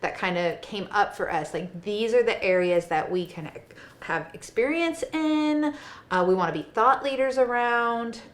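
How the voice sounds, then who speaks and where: A woman's voice: on the high side, lively intonation, unhurried. A woman co-hosting a podcast, talking in a thoughtful, casual way in an office conference room. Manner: thoughtful, talks in lists and frameworks. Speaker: podcast co-host.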